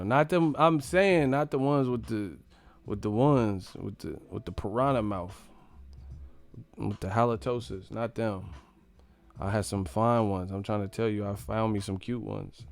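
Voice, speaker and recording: Low-voiced joking live stream guy. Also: measured pace, gravelly. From United States. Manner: loud, profane, joking, laughs a lot. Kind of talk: casual live stream chat.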